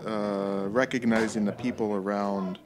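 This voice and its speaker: A man's voice: on the low side, little pitch movement, a little slow, a crowd in the background. A man from California giving casual, rambling commentary while watching fight footage, often laughing at his own jokes.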